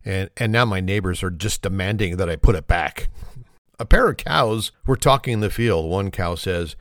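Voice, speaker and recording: A man's voice: deep voice, moderate pace, fairly bright tone, dry recording, clean studio sound. Man giggling through his own dad jokes. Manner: self-deprecating. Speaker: joke teller. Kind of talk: deadpan one-liners.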